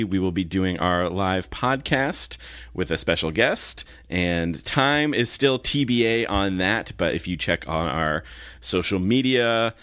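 A man with a fairly low voice, still carrying his just-woken morning voice. He chats casually as a podcast co-host, relaxed and easygoing. The sound is dry and close, with little room echo. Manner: relaxed, chatty, laughs easily.

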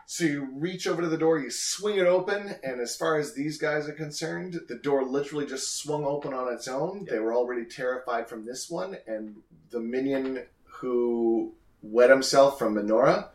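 A man narrating as game master for a tabletop game, relaxed and often laughing. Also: medium pitch, moderate pace. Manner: laid-back, laughs often, many fillers. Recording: roomy echo.

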